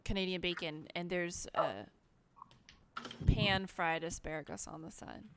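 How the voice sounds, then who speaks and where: A woman's voice: lowish voice, fairly even intonation, measured pace, a bit bright, slight background noise. A woman playing a tabletop game, chatting casually and giggling often. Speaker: player. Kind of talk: casual chat and tabletop roleplay.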